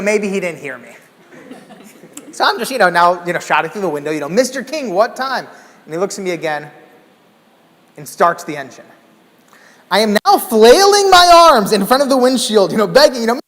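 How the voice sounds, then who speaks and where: A man giving a keynote talk, telling a story with lively, acted-out exclamations. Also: sits high, long reverb tail. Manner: animated, acts out scenes with loud exclamations. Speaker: keynote speaker. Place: large hall.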